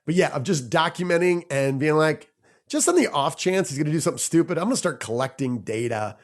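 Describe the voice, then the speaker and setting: A man in his forties hosting a podcast, chatting and reflecting in a relaxed, talkative way. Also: a little high. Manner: chatty, reflective, quick asides. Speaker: podcast host. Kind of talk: casual conversation.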